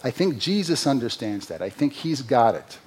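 Husky pastor preaching earnestly. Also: male voice, mid-range voice, sing-song, moderate pace, a little mellow. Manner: earnest, with sarcastic asides and rising emphatic peaks. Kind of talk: sermon.

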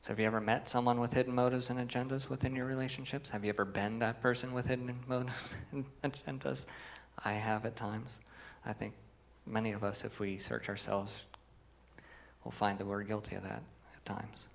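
A man's voice: mid-range voice, level tone, a little fast, creaky. A man preaching a sermon as pastor, earnest, reading scripture with emphasis and putting questions to the congregation.

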